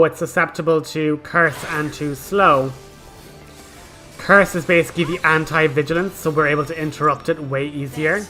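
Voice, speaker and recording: A man's voice: a little high, pushed and bright, low-quality recording. A young man hosting a gaming channel, explaining his game strategy in a chatty, casual way full of "like". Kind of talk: casual gameplay commentary.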